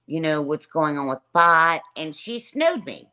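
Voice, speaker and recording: A woman hosts her own livestream in a casual rant, her voice low-pitched, very animated, a little slow, pushed, bright, and smooth. She tells a long, aggrieved, repetitive story and reads chat viewers' names aloud to greet them.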